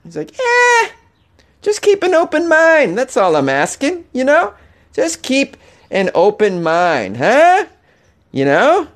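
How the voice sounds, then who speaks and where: A sleazy, smooth-talking boyfriend, as a man puts him on, coaxing in a raised, wheedling voice. Every line lilts up into a pushy little question. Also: very high-pitched, huge pitch swings, slow, pitched above the performer's own voice, heavily acted.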